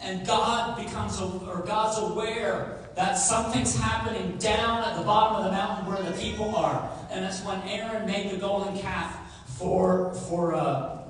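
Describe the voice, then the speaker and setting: A man preaching a sermon as pastor, retelling scripture with lively acted dialogue. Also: high-pitched, measured pace, far from the mic, slight background noise. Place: church sanctuary. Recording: echoey hall recorded from afar.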